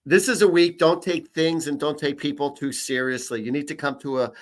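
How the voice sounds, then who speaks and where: A man's voice: on the high side, steady tone, a little fast. A middle-aged man hosting a psychic reading show, chatting casually with viewers, rambling through stories and cracking jokes. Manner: rambling storyteller, jokey, many restarts. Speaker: psychic and comedian host. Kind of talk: casual live-stream chat and horoscope reading.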